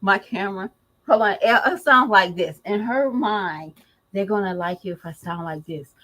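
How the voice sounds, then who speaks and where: A woman's voice: medium pitch, normal speed, sharp tone, muffled recording. A woman vlogger giving casual gossip commentary, slangy and emphatic, who laughs often as she talks.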